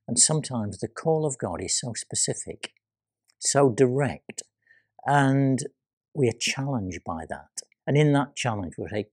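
A man preaching a sermon, retelling scripture with dramatic pauses and hushed quoted voices. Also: mid-range voice, big pitch swings, dry recording, clean studio sound.

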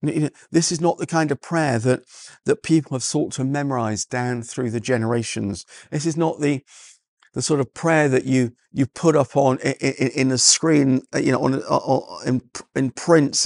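A man's voice: mid-range voice, moderate pace, creaky, a little mellow, no room sound, studio quality. A man preaching a sermon in an earnest way, often repeating words and restarting his sentences. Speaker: pastor.

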